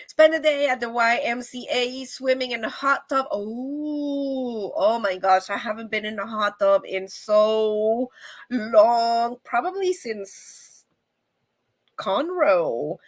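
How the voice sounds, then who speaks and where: A woman's voice: a little high, slow pace, fairly bright tone. A bubbly, effusive woman hosting a casual live stream and chatting with viewers. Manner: bubbly and effusive, with frequent laughs. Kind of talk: casual live chat reading viewer comments.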